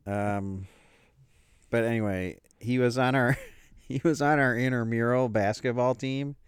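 A man's voice: mid-range voice, fairly even intonation, a little slow, smooth, no echo, clean studio sound. A man co-hosting a podcast, telling rambling joking stories in casual chat. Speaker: podcast co-host.

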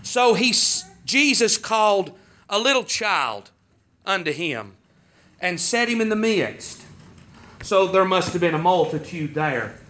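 A man preaching a sermon in a high, ringing voice. He leans on key words and repeats them for stress. The recording is muffled and lo-fi. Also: big pitch swings, a little slow, bright, forceful tone.

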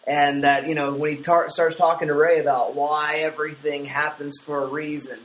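A man with a somewhat high voice chats about movies with his co-host. He often restarts his sentences, repeating a word or two before he gets going. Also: level tone, normal speed, fairly bright tone, low-quality recording. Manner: hesitant, repeats words when starting. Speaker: podcast co-host. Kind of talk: casual film discussion.

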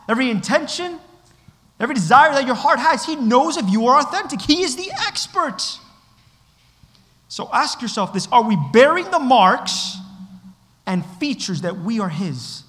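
A young man delivering a sermon in a high, bright voice. His storytelling swings from quiet asides to loud outbursts. The sound carries a long hall reverb. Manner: animated storytelling, shifts from hushed to shouting. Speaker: pastor.

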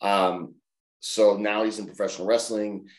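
A man telling animated stories as an interview guest, acting out other people's voices. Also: on the low side, normal speed, echoey room. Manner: animated, acts out voices in anecdotes. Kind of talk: casual storytelling in an interview.

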